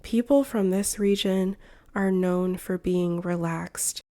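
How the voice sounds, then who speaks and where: A woman from the United States, an English teacher reading a shadowing lesson in slow, carefully separated phrases. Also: lowish voice, steady tone, dark tone. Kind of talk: slow shadowing practice narration.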